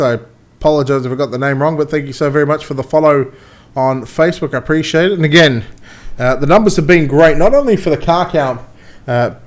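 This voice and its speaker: A man announcing a dirt track race: chatty and joking between races, rising to excited play-by-play when the cars run. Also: mid-range voice.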